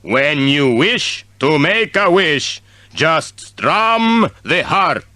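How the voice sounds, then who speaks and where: A man voicing a formal, solemn genie who speaks slowly and distantly. Each line is drawn out like a ceremonial pronouncement in a read-aloud fairy tale. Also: a little high, expressive, pushed and bright, dry recording, voice pushed up, heavily acted. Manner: slow, formal. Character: solemn male genie of a harp.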